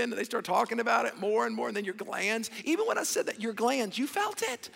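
A man preaching a sermon as pastor, animated and calling on the congregation to answer back. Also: high voice, fast talker, creaky, few pauses. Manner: animated, call-and-response with congregation. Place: large church hall. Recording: echoey church hall.

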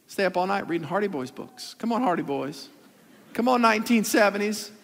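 A confident big brother teasing his younger sibling, as a preacher puts him on. The voice is high and gravelly, and it echoes through a large hall. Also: animated, brisk, fairly bright tone, exaggerated voice. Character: confident older brother giving advice.

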